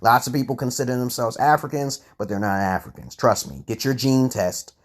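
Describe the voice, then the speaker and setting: A man's voice: mid-range voice, fairly quick. A man from the United States hosting a casual vlog, rambling and argumentative, stumbling over words, tagging points with "okay?" and swearing freely. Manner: curses freely and restarts words often. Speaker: channel host answering chat comments.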